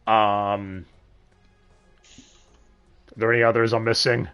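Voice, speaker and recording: A man hosting a casual livestream chat, animated, swearing freely and laughing often. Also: fairly low pitch, slow, smooth, highs cut off, faint music behind. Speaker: podcast host.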